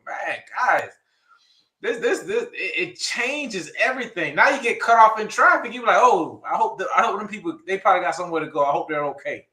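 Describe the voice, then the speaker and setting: A man's voice: sits high, bright, forceful tone. A man co-hosting a casual chat, talking earnestly in a folksy way and often repeating his words. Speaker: co-host. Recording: echoey room.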